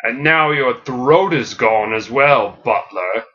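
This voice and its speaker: A man voicing a sinister, mocking villain, speaking slowly and tauntingly in a lo-fi recording. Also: mid-range voice, expressive, a bit bright, breathy edge, full character voice. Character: sinister bandaged male villain, calm and mocking.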